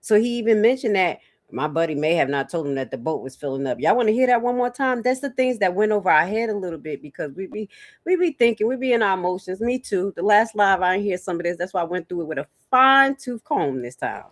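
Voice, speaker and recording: A woman's voice: mid-range voice, expressive, quick pace, dry recording. Chatty woman livestream host, dry sound. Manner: chatty, reacts loudly, talks to her chat. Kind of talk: casual commentary on clips.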